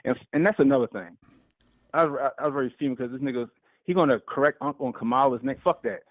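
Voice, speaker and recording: Fast male caller, heated profane rant, tinny phone line, dry sound. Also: medium pitch, no echo. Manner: profane, animated, fast-talking.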